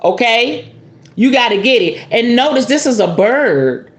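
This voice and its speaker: A woman giving a spiritual tarot reading in a casual, animated, preachy way, with some swearing. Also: a little high, unhurried, echoey room. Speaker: tarot reader.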